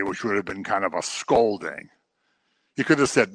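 A man's voice: lowish voice, big pitch swings, moderate pace, fairly bright tone, no echo. A man teaching the Bible in a conversational way, telling the stories and acting out the people he quotes. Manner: informal, with fillers and restarts. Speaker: preacher.

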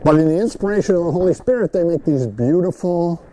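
A man's voice: on the high side, fast, rough recording. A man teaching the Bible to a group in a conversational sermon, often checking in with "right?" and acting out the people he quotes. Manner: animated, asks "right?", acts out quoted speakers.

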